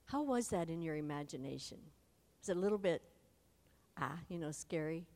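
A woman retelling a Bible story to an adult audience, animated and speaking straight to her listeners. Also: sits low, moderate pace. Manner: animated, addresses listeners directly. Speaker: Bible teacher. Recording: long hall reverb.

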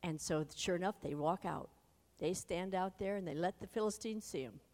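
A woman retelling a Bible story to an adult audience, animated and speaking straight to her listeners. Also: on the low side, normal speed. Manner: animated, addresses listeners directly. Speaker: Bible teacher. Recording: long hall reverb.

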